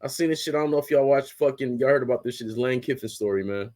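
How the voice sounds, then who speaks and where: A young man rants as a sports podcast host, cussing freely and pushing his voice up when he gets worked up. His pitch sits in an ordinary middle range, and his delivery is blunt and heated throughout. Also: fast, mellow. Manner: heated, blunt, heavy swearing, rising to outbursts. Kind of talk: profane ranting commentary.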